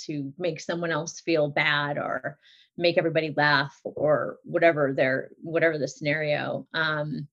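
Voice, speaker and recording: A middle-aged woman in casual podcast chat, talking about her kids with many fillers and frequent laughs. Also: low voice. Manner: chatty, laughs often, lots of fillers. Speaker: guest. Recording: dull lo-fi audio.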